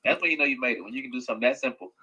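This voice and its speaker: A man's voice: medium pitch, expressive, very fast, bright, forceful tone, breathy edge, highs cut off. A man who is a professional wrestler, talking as a podcast guest in an enthusiastic, casual way. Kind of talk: casual chat.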